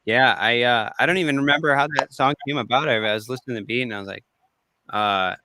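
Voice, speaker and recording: A man chatting casually as a podcast guest, telling animated stories with swearing and quick impressions of his friends. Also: medium pitch, background noise. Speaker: guest recording artist.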